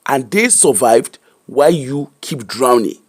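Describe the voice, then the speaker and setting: A man's voice: medium pitch, lively intonation, unhurried, breathy edge. A middle-aged Nigerian man with a Nigerian accent, hosting an emphatic, preacher-like commentary that mixes Pidgin and English. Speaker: host.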